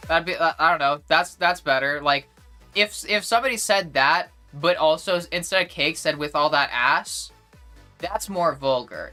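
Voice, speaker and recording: A woman's voice: low voice, bright, forceful tone. A young woman streamer chatting casually with her chat, rambling and blunt, swearing often and full of fillers and restarts.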